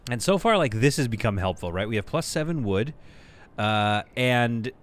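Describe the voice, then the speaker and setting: A man's voice: medium pitch, expressive, normal speed. A young man casually commentating a city-building game, chatty and thinking aloud as he goes, often correcting himself mid-sentence. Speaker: gameplay video host. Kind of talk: casual let's-play commentary.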